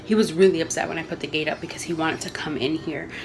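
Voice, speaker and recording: A young woman vlogging from her home kitchen, rambling and thinking out loud as she talks about her family day. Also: deep voice, quick pace, background noise. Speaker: vlogger, mother. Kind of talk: casual home vlog chat.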